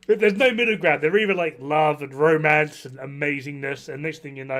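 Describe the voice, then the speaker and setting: A man's voice: fairly high pitch, brisk, fairly bright tone. A young man streaming a game who talks in a rambling, casual way, swears a lot, and often restarts his sentences. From half Norwegian. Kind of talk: casual chat while gaming, reacting to chat.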